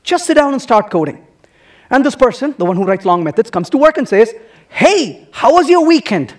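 In a conference hall, a man with a very high, swooping voice gives a technical talk, speaking briskly with lively intonation. He keeps things playful and teases the audience with rhetorical questions.

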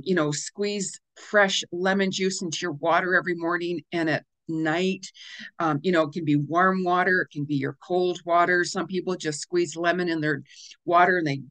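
Chatty woman giving a weekly forecast. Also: fairly low pitch. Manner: chatty, animated, laughs often, acts out little quoted reactions. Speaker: spiritual astrology host. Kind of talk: casual weekly forecast talk.

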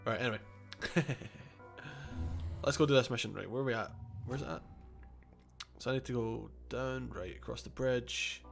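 Guy doing lets play commentary, mid pitch, rambles and laughs at himself, faint game music under it. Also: steady tone, normal speed, vocal fry, pauses often. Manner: rambling, self-correcting, chuckles often. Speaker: gaming channel host. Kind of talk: casual let's-play commentary.

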